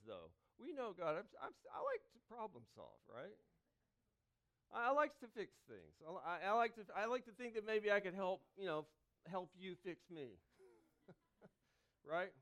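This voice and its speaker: A man delivering a sermon to his congregation in a church, with a high-pitched, crisp, resonant voice. He talks conversationally, with restarts and asides. He builds to loud calls, then drops to hushed, pleading phrases. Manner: dynamic preaching, swinging between loud calls and hushed pleas. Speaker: pastor. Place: church sanctuary.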